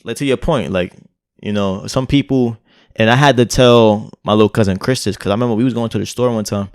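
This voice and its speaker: A man's voice: on the low side, a little fast, clean tone, dry recording, clean studio sound. A man from Brooklyn, co-hosting a podcast and telling a rambling street anecdote in a loose, casual way, full of "like" and "right?". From Brooklyn, New York. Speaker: podcast co-host. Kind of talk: casual storytelling chat.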